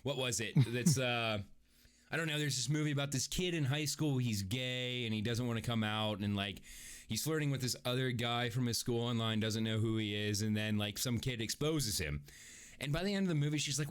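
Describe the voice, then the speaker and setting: A young man co-hosting a casual podcast chat, animated and profane, breaking into laughter often. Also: mid-range voice, normal speed. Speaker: podcast co-host.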